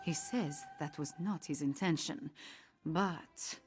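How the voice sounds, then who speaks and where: A woman's voice: low-pitched, slow pace, faint music behind. An actress voicing a weary, bitter female feline diplomat and spy in a video game, speaking with a rolling, exotic accent. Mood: angry. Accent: exotic rolled-R accent. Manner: bitter, exasperated.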